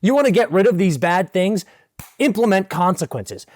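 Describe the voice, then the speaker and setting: Young male co-host, over-the-top ranter, higher pitch, dead dry booth. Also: very animated, moderate pace, darkish tone, no echo. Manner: mock-outraged ranting, exaggerated. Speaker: podcast co-host. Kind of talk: casual comedic podcast banter.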